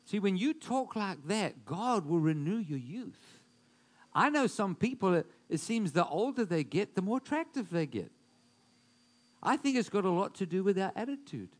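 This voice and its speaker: A man preaching a sermon, building loud emphatic declarations and dropping into quieter asides. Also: high-pitched, sing-song, moderate pace. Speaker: pastor.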